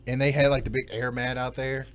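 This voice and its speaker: A man co-hosting a casual podcast chat, recalling events in a halting way with many restarts. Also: mid-range voice, level tone, crowd noise. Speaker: podcast co-host.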